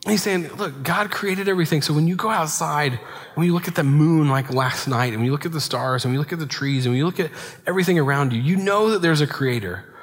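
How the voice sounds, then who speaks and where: A man in his thirties preaching a sermon in a relaxed, conversational way, full of asides and rhetorical "right?" checks. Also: a little high, fast talker. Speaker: pastor. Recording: long hall reverb.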